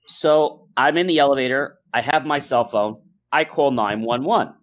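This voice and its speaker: A man hosting a talk show, speaking earnestly and calmly, with many uh and um fillers as he tells stories. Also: mid-range voice, normal speed. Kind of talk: casual podcast talk.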